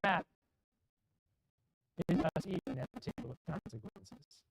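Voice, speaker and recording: A man's voice: sits high, big pitch swings, measured pace, creaky, over loud music, rough recording. A man preaching a sermon in a church, with an emphatic, repetitive cadence. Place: church sanctuary.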